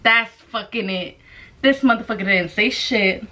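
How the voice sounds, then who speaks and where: A woman's voice: a little high, normal speed, bright, forceful tone. Brash young woman telling a profane story. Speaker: vlogger. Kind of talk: casual storytime vlog.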